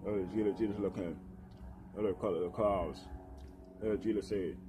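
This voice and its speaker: A man giving a halting, rambling preaching testimony as a self-described preacher, full of fillers and repeated phrases. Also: fairly low pitch, steady tone, noisy background. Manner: halting, filler-heavy, repetitive. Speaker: street preacher.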